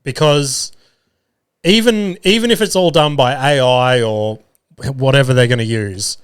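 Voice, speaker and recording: A man with a smooth, clean voice hosts his own podcast, talking off the cuff. He swears freely, stacks up fillers and sometimes loses his words mid-thought, all in an easygoing, chatty manner. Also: medium pitch, a little slow. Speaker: podcast host. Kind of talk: solo casual chat.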